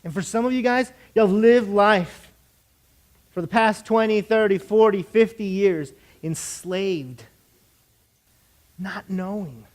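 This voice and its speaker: A young pastor with a high, light man's voice, preaching to his congregation. He swells to emphatic, declarative peaks and calls on the room to repeat lines after him. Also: slow pace, darkish tone. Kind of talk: sermon.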